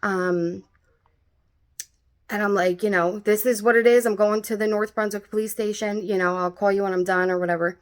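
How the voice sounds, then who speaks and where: A woman's voice: medium pitch, fairly even intonation, moderate pace. A young adult woman telling a story in a casual vlog, rambling with lots of fillers and swearing freely.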